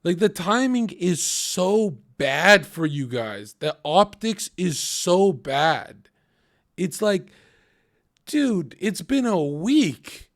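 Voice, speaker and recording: A man's voice: high-pitched, very animated, very slow, a bit bright. A man streaming live, reacting to clips with profane, rambling commentary.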